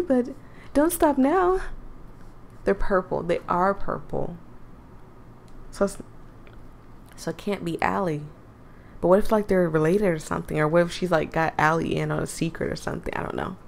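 A woman's voice: fairly low pitch, steady tone, a little fast, creaky, darkish tone. A young woman hosting a casual game playthrough, chatting, giggling and rambling in asides. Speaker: gaming channel host. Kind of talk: casual let's-play commentary.

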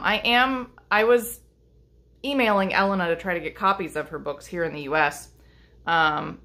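A woman in middle age talks casually to her viewers about her craft projects. Her voice sits a little low but has a bright, forceful edge. She rambles along with frequent ums and self-corrections. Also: vocal fry. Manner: chatty, rambling with many ums and restarts. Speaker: lace-making vlogger and teacher. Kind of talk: casual chat showing crafts to camera.

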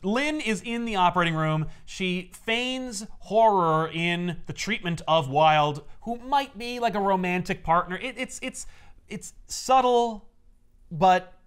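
Animated man recapping comics. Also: high voice, smooth. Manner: animated, acts out characters in quick voices. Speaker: podcast host recapping comics. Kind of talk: casual comic recap chat.

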